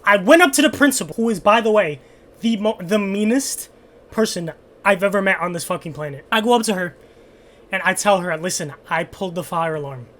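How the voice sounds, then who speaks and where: A young man casually telling a fan a story from his school days, animated and full of swearing. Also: sits high, a little fast. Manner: animated, profane, dramatic storytelling. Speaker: YouTuber answering fan questions.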